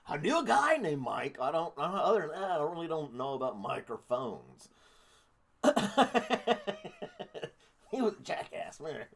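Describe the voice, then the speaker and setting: A man's voice: on the high side, gravelly. A man hosting a casual live-stream podcast, rambling through offhand thoughts with jokey, crude asides. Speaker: podcast host.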